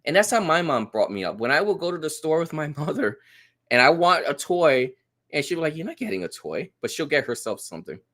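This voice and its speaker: A man's voice: a little high, fairly quick. A man in his thirties chatting casually as a podcast guest, telling a story and acting out the quoted lines. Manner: animated storyteller, acts out quotes. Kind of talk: casual chat.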